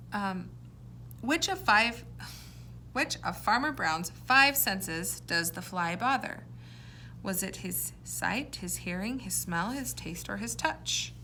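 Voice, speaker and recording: Woman teacher, bright clear voice, slow careful reading, encouraging with young kids. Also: medium pitch, slight background noise. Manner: clear, encouraging, explains words simply. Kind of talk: reading a poem aloud to young children.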